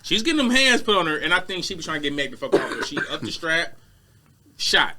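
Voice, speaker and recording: A man co-hosting a podcast, talking in a lively, slangy way with frequent swearing. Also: a little high, fast. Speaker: podcast co-host. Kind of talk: casual chat.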